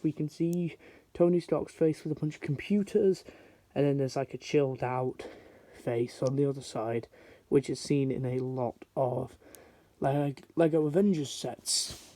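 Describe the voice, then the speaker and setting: A man's voice: on the high side, warm tone. A man giving a casual, chatty toy review. He rambles a little and uses a lot of filler likes.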